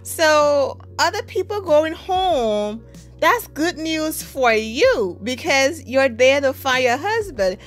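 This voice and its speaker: A woman giving a live reaction to a TV show, animated and slangy, laughing often. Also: sits high, slow, faint music behind. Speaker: TV show reviewer.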